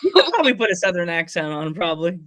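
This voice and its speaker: A man's voice: high voice, sing-song, very fast, fairly bright tone. Rambling American man hosting a podcast. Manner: rambling, stumbles and restarts, laughs often. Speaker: podcast host. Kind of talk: casual podcast chat.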